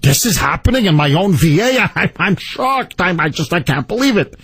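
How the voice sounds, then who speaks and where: A man doing a sarcastic impression of a president, halting and feigning shock and dismay. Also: high-pitched, very animated, fairly bright tone, slightly rough, no room sound, full character voice. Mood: mock outrage. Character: mock-shocked male president, whiny and evasive.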